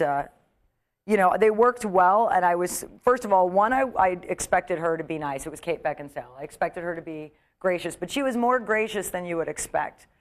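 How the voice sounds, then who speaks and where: A woman comedian chatting as a guest on a talk show, telling stories with animated asides and quick acted-out voices. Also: lowish voice. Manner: animated storyteller, acts out quoted voices. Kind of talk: casual chat. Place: studio of an internet talk show.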